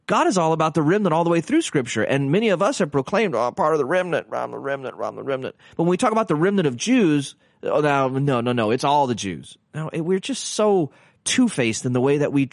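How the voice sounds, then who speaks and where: A fairly high-voiced man talks through a podcast teaching in a casual, earnest way. He restarts sentences often and leans on rhetorical questions. The recording is close and dry. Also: no room sound.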